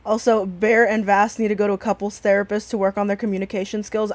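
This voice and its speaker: A woman's voice: mid-range voice, little pitch movement, quick pace. A woman hosting a stream in casual chat, blunt and profane, rambling with many restarts. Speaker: stream host.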